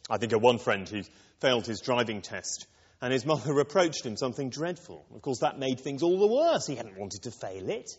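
A man preaching a sermon to a congregation, expressive and acting out quoted lines. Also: mid-range voice, brisk, slightly rough. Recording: dull reverberant hall.

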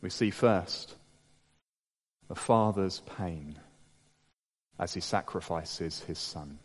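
A man preaching a sermon, dropping to hushed low tones and rising to emphatic peaks. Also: takes it slowly. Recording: long reverb of a large hall.

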